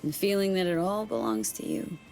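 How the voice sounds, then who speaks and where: A gravelly, deep-voiced female ex-corporate agent. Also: sing-song, brisk, darkish tone, soft background music. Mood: musing. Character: ambitious female former corporate agent, self-assured. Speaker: video game character. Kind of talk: video game dialogue.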